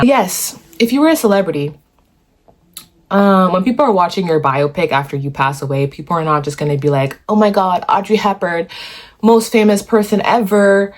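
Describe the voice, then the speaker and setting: A young woman talking to her phone camera in a warm room at home, giving animated, encouraging advice in a chatty way full of "you know" and "okay". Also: low-pitched. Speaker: vlogger. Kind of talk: casual motivational talk to camera.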